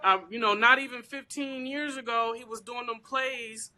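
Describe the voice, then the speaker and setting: A woman, a guest crafter, talking in a casual, animated interview with informal slang and plenty of emphasis. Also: fairly high pitch, moderate pace.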